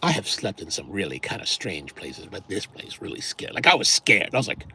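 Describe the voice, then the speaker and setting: Gravelly man telling rambling stories. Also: low-pitched, very animated, a little fast, few pauses. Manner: chatty, many restarts and repeated words. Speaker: coffee show host answering viewer questions. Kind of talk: casual rambling storytelling. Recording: clear background noise and ambience.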